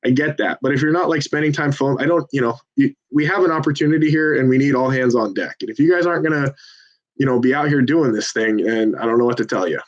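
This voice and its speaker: A man's voice: mid-range voice, fast talker. Profane rambling man on a dull mic. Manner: rambling, profane, self-deprecating pep talk. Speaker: phone bank volunteer. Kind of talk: casual livestream chat between phone calls.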